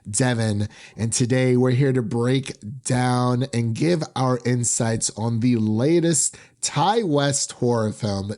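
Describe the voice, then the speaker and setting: A man's voice: medium pitch, darkish tone. Rambling young male podcast host. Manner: rambling, lots of fillers and restarts. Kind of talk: casual film review chat. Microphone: podcast microphone.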